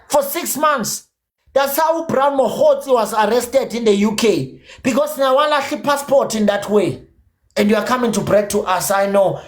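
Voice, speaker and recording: A South African man with a Zulu accent, hosting a livestream and ranting in a heated, profane, combative way while mixing English with Zulu. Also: very high-pitched. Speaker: livestream host.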